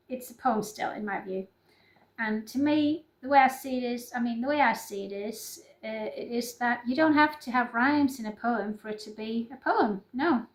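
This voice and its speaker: A woman with a Norwegian accent talks in a loose, rambling vlog style, often stopping to apologize and start over. Her voice sits a little high. The room around her rings with echo. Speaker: YouTuber. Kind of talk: casual improvised vlog chat. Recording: echoey room.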